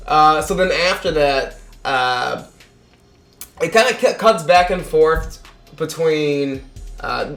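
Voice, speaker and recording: A man's voice: fairly high pitch, fairly bright tone, echoey room. A man giving a casual, rambling film review, swearing freely and acting out the characters' lines in mock voices. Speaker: movie reviewer.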